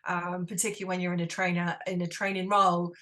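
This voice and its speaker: Lively woman telling stories. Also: fairly low pitch, fast. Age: middle-aged. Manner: lively, animated storyteller, playful. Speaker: guest, wellness entrepreneur. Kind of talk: casual interview chat.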